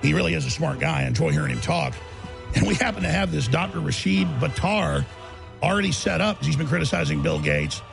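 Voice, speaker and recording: A man's voice: fairly high pitch, sing-song, a little fast, creaky, over music. A man hosting a talk radio show, brash and sarcastic, often stammering and repeating words.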